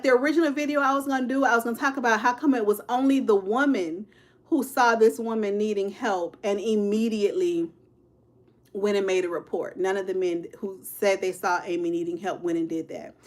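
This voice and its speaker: In a mid-range voice, a woman in her fifties hosts a casual true-crime livestream for her viewers. She talks to them directly, sprinkling in "y'all," "child" and "honey," and takes up their comments as she goes.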